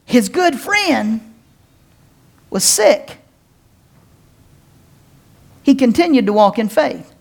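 High-voiced woman preaching with dramatic pauses. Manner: dramatic preaching with slow emphatic pauses, addressing the congregation directly; folksy and playful, with casual slang. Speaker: pastor. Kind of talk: sermon.

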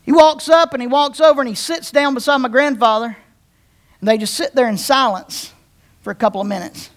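A pastor preaching a sermon in a conversational storytelling way, often repeating phrases and checking in with the congregation. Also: fairly quick. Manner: conversational, repeats phrases, asks the crowd "right?"; animated, with big swings in pitch and loudness.

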